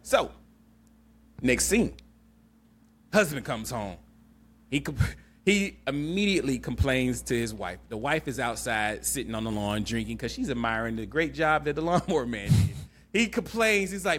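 A man hosting a podcast, recapping a movie in animated, laughing, profane storytelling. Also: mid-range voice, moderate pace. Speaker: podcast host. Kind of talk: casual chat, movie recap.

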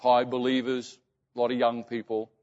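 A man preaching as a pastor, telling a story and often halting and repeating words. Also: mid-range voice, monotone, a little mellow. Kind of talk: sermon storytelling. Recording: muffled sound in reverberant hall.

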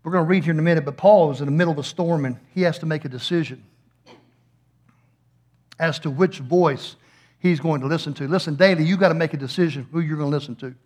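A middle-aged man, a pastor preaching a sermon and telling a funny story with animated, playful acted-out voices. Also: a little high, fast.

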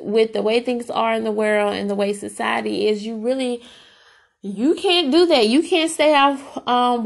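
A woman's voice: a little high, creaky. A young adult woman hosting a podcast, telling personal stories in a candid, casual way with fillers and restarts. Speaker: podcast host.

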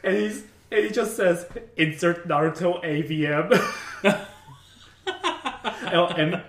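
A man who works on an IT help desk chats casually about work, swearing and laughing as he tells his stories. His voice is a little high and a little slow, and he sounds far from the mic in an echoey room.

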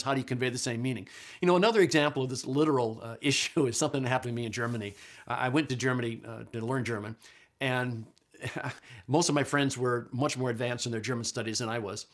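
A middle-aged man giving a conversational lecture on Bible translation, explaining patiently with frequent fillers and restarts. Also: medium pitch. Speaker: Bible scholar and teacher.

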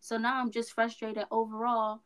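Young woman, highish voice, podcast guest, frustrated, slow, repetitive. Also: monotone, clean tone. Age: young adult. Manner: frustrated, slow, repeating her phrases. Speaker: guest, daughter. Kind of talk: casual podcast chat.

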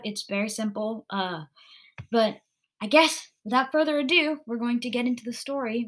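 A woman hosting a podcast, introducing the episode in a quick, easygoing way. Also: on the high side. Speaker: podcast host.

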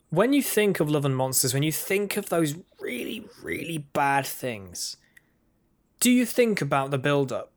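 A man co-hosting a podcast, talking casually and rambling with many restarts. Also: medium pitch. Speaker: podcast co-host.

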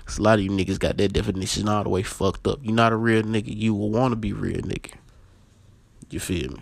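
A man's voice: fairly low pitch, fairly even intonation, fast talker, gravelly, dry recording. A man hosting a casual podcast, talking bluntly and profanely with emphatic repetition, lecturing his listeners directly. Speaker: podcast host.

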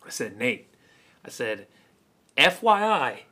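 A man co-hosting a podcast, telling a story in casual, animated chat and swearing freely. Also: mid-range voice, takes it slowly. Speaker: podcast co-host.

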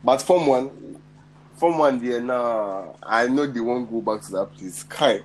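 Young man, casual friend chat, animated storyteller, mid pitch. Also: measured pace, slight background noise, poor audio. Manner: animated storytelling in pidgin-laced slang.

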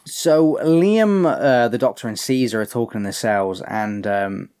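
A man's voice: medium pitch, unhurried, a little mellow. A young man rambling through a casual film recap, full of fillers, swearing and acted-out lines. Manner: rambling, filler-heavy, swears freely, acts out characters' lines. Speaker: podcast co-host.

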